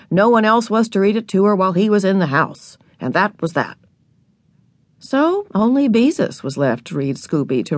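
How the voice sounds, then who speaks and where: Woman reading a kids' audiobook, super animated, dry close studio sound. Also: on the low side, no echo. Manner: expressive, lively storytelling. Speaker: audiobook narrator. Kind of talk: scripted storybook narration.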